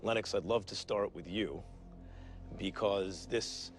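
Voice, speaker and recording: A man's voice: fairly low pitch, slow, soft background music. A man hosting a broadcast sports interview, asking polished, leading questions of retired boxers. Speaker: interviewer, co-host.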